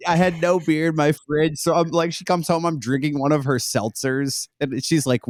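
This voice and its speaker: A man's voice: fairly high pitch, fairly even intonation, normal speed, no room sound, clean studio sound. A young man, a podcast guest, chatting casually and telling stories in a laid-back way, laughing often. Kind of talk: casual chat.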